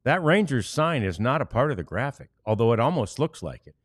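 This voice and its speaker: A man's voice: medium pitch, very animated, a little fast, dry recording, clean studio sound. Easygoing American man on a sports podcast. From United States. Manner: chatty, easygoing, many fillers. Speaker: podcast host. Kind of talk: casual sports podcast chat, ad reads.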